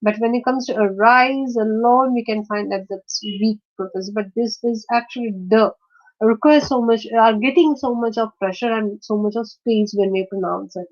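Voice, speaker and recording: A woman teaching a phonetics lesson, hesitant with many fillers and self-corrections, spelling out letters and slowly stressing example words. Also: fairly high pitch, fairly even intonation. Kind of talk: phonetics lecture. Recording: slightly dull lo-fi sound.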